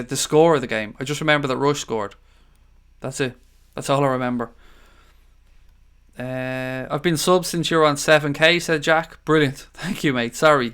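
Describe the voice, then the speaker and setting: A man's voice: medium pitch, fairly bright tone, smooth. An Irish man hosting a casual live stream, reading out viewer comments and greeting people as mate and buddy. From Ireland. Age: adult father of young children.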